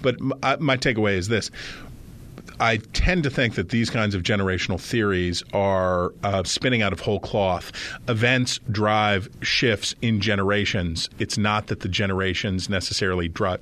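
Brief: man, lowish voice, co-host, hesitant openings, thoughtful opinions. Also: a bit bright. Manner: halting starts, then measured opinionated musing. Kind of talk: casual chat.

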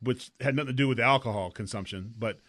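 Guy on a talk show going off on a long funny story, bright forceful voice, keeps rambling. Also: medium pitch, fast talker. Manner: animated, rambling anecdotes; slips into mock voices. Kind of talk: casual storytelling chat.

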